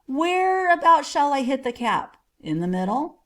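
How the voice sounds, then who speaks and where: A woman's voice: high-pitched, a little slow, voice pushed up, full character voice. A woman doing a big easygoing outlaw. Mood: calm teasing. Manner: calm, teasing.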